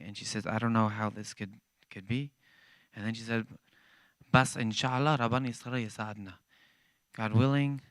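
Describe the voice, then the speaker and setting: A man's voice: medium pitch, a bit bright, clean tone, no echo. A man telling a story to a church congregation, acting out the dialogue as he goes. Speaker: guest speaker at a church.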